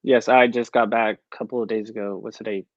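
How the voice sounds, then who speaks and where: A young man rambles through an interview story, replaying his own past reactions line by line. His middle-pitched voice sounds close and dry, with a slightly dull, lo-fi tone. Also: level tone, fast, dry recording. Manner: storytelling, quoting himself with "I was like" often. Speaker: country recording artist, guest. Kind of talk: casual interview chat.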